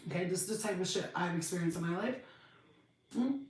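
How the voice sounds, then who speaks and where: A woman, telling her life story on a podcast, blunt and animated, acting out other people's voices. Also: lowish voice, a little fast, recorded from a distance, heavy background noise. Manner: blunt, animated, swears freely, acts out voices. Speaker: podcast host. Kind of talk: casual storytelling monologue. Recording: echoey room, voice off-mic.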